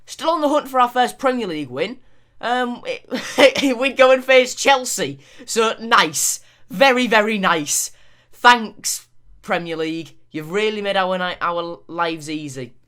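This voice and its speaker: A man giving lively video game commentary on a football match. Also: sits high, a little slow, smooth. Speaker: gaming YouTuber.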